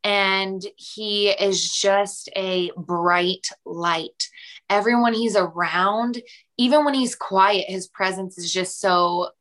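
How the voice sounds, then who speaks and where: Bright-voiced young woman, earnest and chatty. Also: medium pitch, slow. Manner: warm, earnest, laughs often, animated retelling. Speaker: podcast guest. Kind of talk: heartfelt casual conversation.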